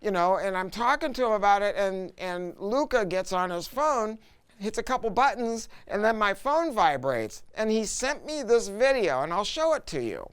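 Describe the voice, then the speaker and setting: A man's voice: high-pitched, sing-song, normal speed, smooth. Emphatic man telling a dealer's story. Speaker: audio dealer presenting a product review. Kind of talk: casual product review talk.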